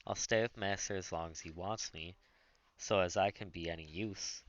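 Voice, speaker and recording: A gentle, devoted servant man speaks with earnest feeling, voiced by a male audiobook reader. The voice sits low and the recording is dull and dry, without room sound. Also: normal speed, no echo, close to an everyday voice. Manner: earnest and pleading.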